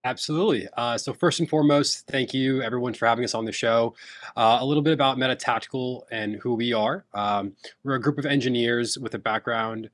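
A man's voice: medium pitch, brisk, a bit bright, dry recording. A man as a guest on a talk show, explaining his company in a confident, upbeat way. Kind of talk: casual interview answers.

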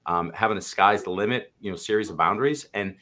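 A man's voice: fairly low pitch, fast, sharp tone. A man co-hosting a podcast, speaking in a candid, reflective way that rambles and restarts. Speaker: podcast co-host. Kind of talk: casual conversation.

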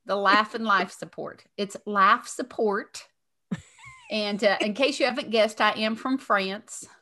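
A woman's voice: mid-range voice, normal speed, sharp tone. A woman in her forties with a Southern US accent, co-hosting a podcast in a chatty, joking way with plenty of ums and laughs. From Indiana, raised in Kentucky. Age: 40s. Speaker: podcast co-host. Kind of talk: casual chat.

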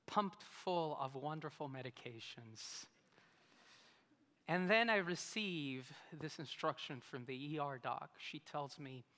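A man's voice: on the high side, bright, forceful tone, big-room sound. A male pastor preaching a sermon with humorous, self-mocking storytelling, recorded in a church.

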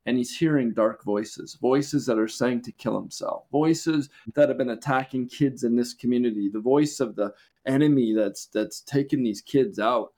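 A man co-hosting a podcast, telling a testimony story in conversation with animated, lively retelling. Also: mid-range voice, normal speed. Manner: animated, excited retelling with acted quotes. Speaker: podcast co-host.

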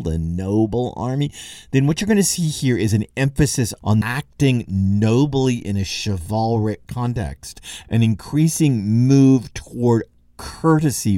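A man's voice: medium pitch, mellow, dry recording, clean studio sound. A man hosting a podcast, giving a conversational literary lecture, thinking aloud with occasional chuckles. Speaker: podcast host and lecturer on Dante.

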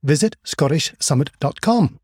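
A man's voice: a little high, lively intonation, moderate pace, darkish tone, slightly rough. A man hosting a podcast, reading an upbeat intro and then chatting in a friendly, jokey way with his guest. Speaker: podcast host. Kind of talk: podcast intro and interview chat.

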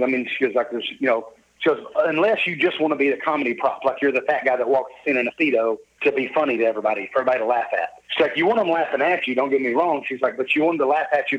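A man's voice: medium pitch, muffled recording. Jovial man telling a story. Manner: upbeat, jovial storyteller who acts out quoted dialogue. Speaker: podcast guest. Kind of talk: casual storytelling interview.

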